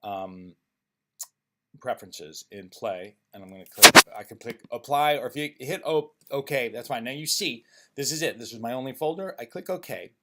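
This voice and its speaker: A man presenting a music software tutorial, thinking aloud with frequent ums and restarts as he works. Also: medium pitch, lively intonation, moderate pace, noisy background. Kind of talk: screen-recorded software tutorial.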